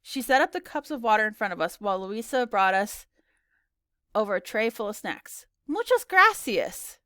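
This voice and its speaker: A woman narrating a children's story in an animated, bright reading style. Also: mid-range voice, fairly quick, clean tone, dry recording, clean studio sound. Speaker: audiobook narrator.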